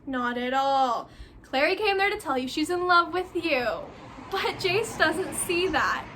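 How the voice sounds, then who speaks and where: A young woman chatting casually about a book she loves, gushing and animated, packing her talk with "like.". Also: very high-pitched, measured pace, noisy background. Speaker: book vlogger. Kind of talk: casual book review chat.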